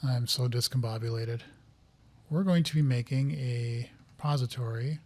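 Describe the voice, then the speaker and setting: A man talking casually to viewers as he sets up a software project, rambling, thinking aloud and getting flustered by interruptions. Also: mid-range voice, normal speed. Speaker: software developer streaming a coding session. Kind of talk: casual live-coding commentary.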